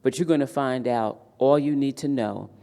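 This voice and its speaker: In an event hall, a man moderates panels and emcees a live leadership summit, his mid-range voice creaky and mellow at a moderate pace. The live speech is emphatic, with words often repeated whenever he starts over.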